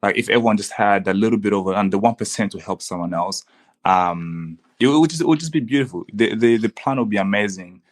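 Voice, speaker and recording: A man's voice: lowish voice, brisk. A young man, a podcast guest talking casually and earnestly, with many restarts. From Congo. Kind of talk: casual conversation.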